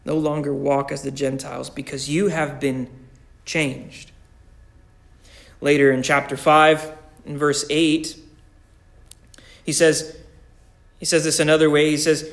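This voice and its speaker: A man preaching a sermon with slow, deliberate emphasis, repeating key phrases. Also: fairly high pitch, little pitch movement, gravelly. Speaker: pastor.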